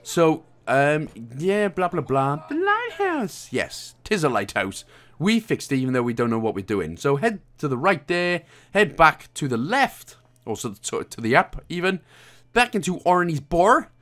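A man from Wales talks through a video game walkthrough in a loose, casual way. His voice sits a little high and swings up and down with lots of life. He keeps dropping in jokey, self-mocking asides as he rambles along. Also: big pitch swings, normal speed, fairly bright tone.

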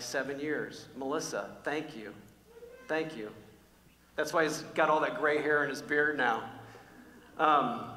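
A man preaching a sermon, telling personal stories in an animated, conversational way with frequent restarts. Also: fairly high pitch. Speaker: pastor. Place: large church hall. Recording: echoey church hall with long reverb.

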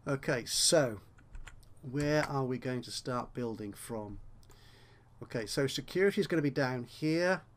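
Speaking unhurriedly in a medium-pitched voice, a let's play host talks casually over a management game. He wanders in his commentary, corrects himself and throws in wry asides, with a little background noise present.

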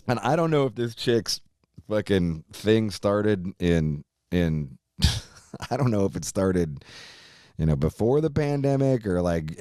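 A man's voice: lowish voice, a little mellow, no room sound, studio quality. A man hosting his own podcast, chatting casually in a rambling way, swearing a lot and laughing often. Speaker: podcast host. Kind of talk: casual profane chat.

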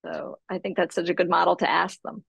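A woman psychotherapist, a guest on a podcast, calmly explaining parenting in a reflective way. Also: on the low side, brisk, creaky, husky, dry recording, muffled recording. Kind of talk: casual podcast interview.

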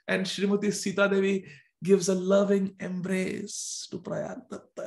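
Gravelly high-voiced man telling a devotional story. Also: normal speed, darkish tone, reverberant. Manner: emphatic, repeats phrases. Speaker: storyteller and speaker.

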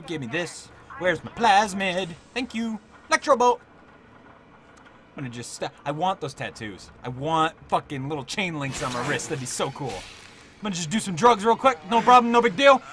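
A young man doing let's-play commentary, excitable and swearing, shouting at the game. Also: high voice. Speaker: gaming YouTuber. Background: game sound and music.

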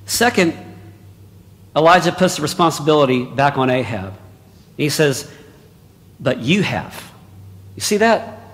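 A male preacher delivering a sermon, dropping to hushed asides and then rising to loud exclamations. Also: a little high, lively intonation, a little slow, long pauses. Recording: long hall reverb.

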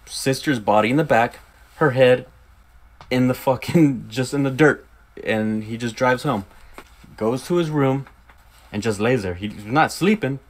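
A young man casually retelling a horror movie's scenes in a profane, animated review, slipping in quick acted quotes. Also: medium pitch.

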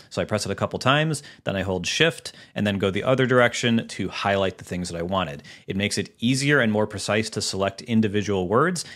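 A man's voice: on the low side, fairly bright tone. A man hosting a casual tech tutorial, chatting through keyboard shortcuts step by step with frequent fillers. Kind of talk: casual screen-recorded tutorial.

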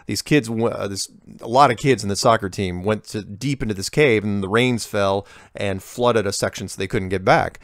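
Gravelly low-voiced man rambling casually. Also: dry recording, clean studio sound. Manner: rambling, with frequent restarts and sarcastic asides. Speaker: host answering viewer emails. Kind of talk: casual monologue reading emails.

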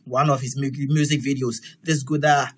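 A Ghanaian man with a Ghanaian accent hosting a casual chat, reading out social media comments, mixing English and Twi with lively reactions. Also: mid-range voice, normal speed, husky. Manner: mixes English and Twi, laughs and reacts loudly.

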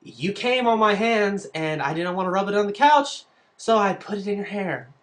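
Flat matter-of-fact teen girl, as a guy quotes her, no real girl voice. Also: high voice, normal speed, pitched above the performer's own voice. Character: guilty teenage girl at school lunch.

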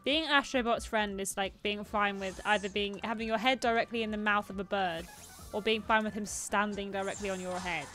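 A woman's voice: mid-range voice, fairly even intonation, fairly quick, a bit bright, faint music behind. A young woman hosting a live stream, chatting playfully through gameplay commentary and teasing the game.

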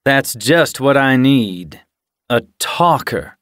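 A man voicing a grumpy, toothless old she-cat in an audiobook, raspy and dry. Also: mid-range voice, expressive, slow, a bit bright, no echo.

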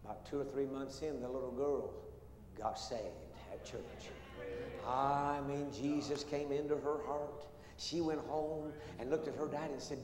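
A man's voice: medium pitch, steady tone, a little slow, crowd noise. A man preaching a sermon as pastor, retelling a story in a storytelling manner. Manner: storytelling preacher retelling a testimony with many quotes. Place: church sanctuary. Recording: echoey church hall with long reverb.

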